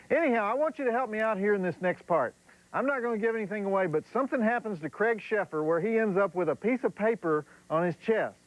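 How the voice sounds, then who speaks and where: A man's voice: sits high, highs cut off. A middle-aged man hosting a horror movie night, making sardonic, drawling cracks with chuckling asides. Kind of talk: wisecracking TV movie host.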